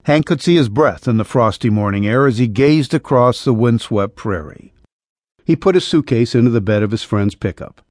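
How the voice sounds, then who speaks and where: A man narrating a romance audiobook in a plain, steady storytelling manner. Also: mid-range voice, moderate pace, no echo, studio quality. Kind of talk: scripted narration.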